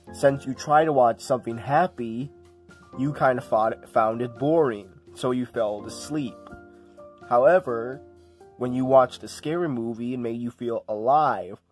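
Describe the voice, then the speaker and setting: A man's voice: mid-range voice, lightly acted. A man voicing a goofy, food-obsessed blocky game hero who rambles and turns whiny when upset. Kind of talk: homemade comedy sketch voice acting.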